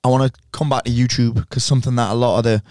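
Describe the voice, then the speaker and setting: A podcast host who talks fast, with quick reactions and eager questions. His pitch is middle. The sound is dry and close to the mic. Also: level tone, a little mellow, no room sound. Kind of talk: casual interview chat.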